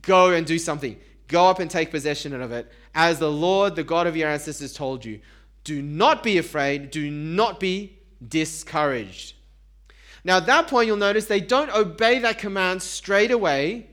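Man, preacher, high voice, chatty sermon, rhetorical questions, self-mocking jokes. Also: moderate pace, fairly bright tone. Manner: conversational, asks the congregation rhetorical questions; self-deprecating humor.

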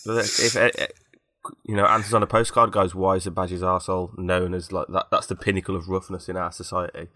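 A man's voice: deep voice, little pitch movement, quick pace, sharp tone, no echo, studio quality. A man with a cold, hosting a podcast in rambling, jokey casual chat. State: has a cold. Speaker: podcast host.

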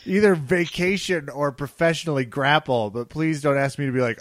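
Male co-host, higher-pitched, dry close mic, profane and mocking in casual chat. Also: normal speed, few pauses, no room sound. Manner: profane, mocking, mimics people he criticizes. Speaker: podcast co-host.

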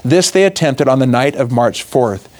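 Young guy preaching through a history story, chatty asides, mid pitch. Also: moderate pace. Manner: lively storytelling with asides and laughs. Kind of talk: religious talk on history.

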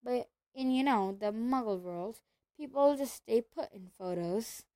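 An easygoing, friendly young boy wizard from a storybook, speaking plainly and calmly, read by a woman. The voice is fairly high and dry. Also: a little slow, no echo.

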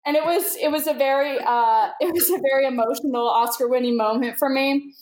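A woman comedian telling a story in a casual, animated way, laughing often and filling her talk with little fillers. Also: high-pitched, fairly quick, roomy sound. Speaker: guest comedian.

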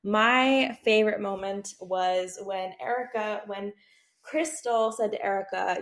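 A woman's voice: mid-range voice, lively intonation. Chatty woman hosting a gossip podcast. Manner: chatty, quick to jump between topics. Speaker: podcast host. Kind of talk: casual gossip chat. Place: home.

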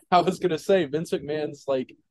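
A man's voice: on the high side, normal speed, poor audio. A man co-hosting a casual wrestling podcast, laid-back and joking, often laughing. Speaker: podcast co-host.

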